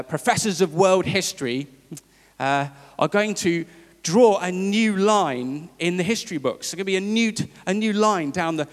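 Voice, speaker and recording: A man preaching a sermon in a conversational, halting way, with fillers and restarts. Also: fairly high pitch. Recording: long hall reverb.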